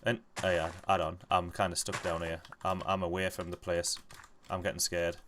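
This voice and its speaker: A young man chatting casually while gaming with friends, swearing freely and rambling through animated stories. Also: low voice, normal speed, slight background noise. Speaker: gamer playing with friends over voice chat.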